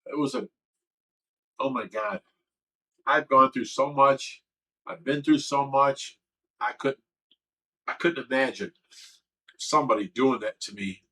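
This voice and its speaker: Man hosting a livestream, bright tense voice, rambling emotional talk, swears a lot. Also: medium pitch, lively intonation, measured pace, pauses often, slightly rough, poor audio. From Ohio. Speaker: livestream host. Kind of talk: candid livestream chat.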